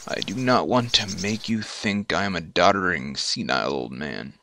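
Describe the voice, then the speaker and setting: A man voicing a weary old druid, speaking slowly and solemnly in a put-on accent, sinking to hushed whispers. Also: low-pitched, a little hiss or hum. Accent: put-on foreign accent, not his own. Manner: slow, solemn delivery with hushed, whispered drops.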